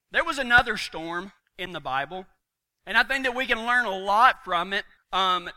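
A man's voice: high-pitched, pushed and bright. A man preaching a folksy sermon, telling stories with homespun humor and chuckles.

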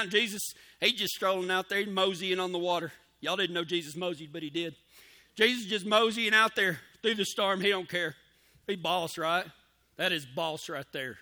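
A man's voice: sits high, pushed and bright. A man preaching a sermon in a folksy, emphatic way, with cowboy slang and key phrases repeated for emphasis.

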